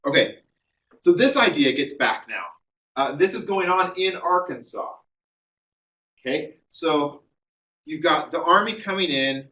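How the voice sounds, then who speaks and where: A man's voice: on the high side, expressive, moderate pace, bright, forceful tone, recorded from a distance, highs cut off. Man lecturing casually, heard from afar. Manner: conversational storytelling with many fillers. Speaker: history lecturer. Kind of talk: classroom history lecture.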